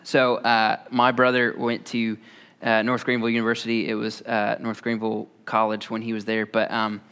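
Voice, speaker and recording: A man in his thirties giving a conversational sermon, relaxed and often pausing on "uh" between thoughts. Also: lowish voice, smooth. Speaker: preacher.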